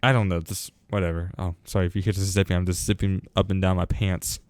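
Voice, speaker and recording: A man's voice: sits low, flat delivery, fast talker, a little mellow, dry recording. A teenage boy hosting his own show, ranting casually with lots of fillers and sarcasm. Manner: rambling, filler-heavy, sarcastic. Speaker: host. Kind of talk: casual rant vlog.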